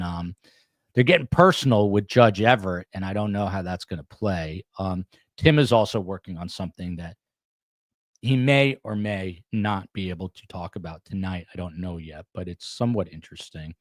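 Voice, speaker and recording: A man's voice: low-pitched, moderate pace, no echo, clean studio sound. A man hosting a podcast livestream, rambling casually and reading out chat comments as he signs off. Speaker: podcast host.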